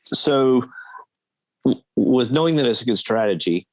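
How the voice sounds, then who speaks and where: A man's voice: medium pitch, expressive, unhurried, no echo, low-quality recording. A man hosting a podcast interview, asking questions hesitantly and repeating words as he goes. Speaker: podcast host. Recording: dry, close.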